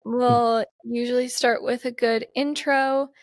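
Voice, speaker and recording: A woman's voice: a little high, flat delivery, takes it slowly, no room sound. A young woman hosting a church podcast, bubbly and welcoming, laughing often. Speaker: podcast host. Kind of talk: casual podcast chat.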